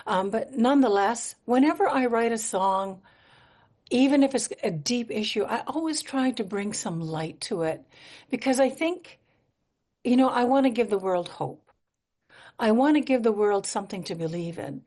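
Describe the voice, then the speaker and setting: A woman's voice: a little high, lively intonation, normal speed, darkish tone. A woman from Manitoba, Canada, a singer-songwriter guest speaking in a radio interview, telling stories in an earnest, reflective way and laughing easily.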